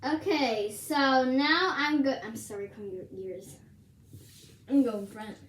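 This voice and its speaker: A woman's voice: high-pitched, slow pace. A teenage girl chatting casually in a home vlog, often dropping to a whisper, filmed by a camera across the room. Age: teens. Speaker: vlogger. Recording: echoey room from far off.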